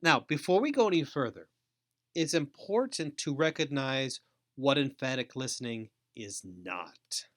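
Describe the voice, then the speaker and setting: Middle-aged male host, mid pitch, unhurried measured delivery, emphatic. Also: expressive, fairly bright tone. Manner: slow, deliberate, emphatic delivery with pauses. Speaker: host and trainer. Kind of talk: scripted training webinar.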